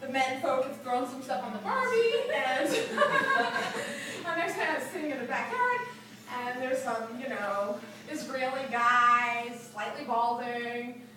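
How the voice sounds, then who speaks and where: High, lively woman in an echoey room. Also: slow. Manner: laughs often through her own story. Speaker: storyteller. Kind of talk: personal anecdote told to an audience. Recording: very echoey room, voice from far off the mic.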